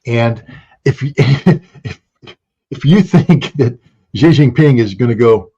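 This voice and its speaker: Husky guy talking politics, restarts a lot, kinda muffled audio. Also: mid-range voice, slow. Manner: animated, restarts with many fillers. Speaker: guest. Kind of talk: casual political talk.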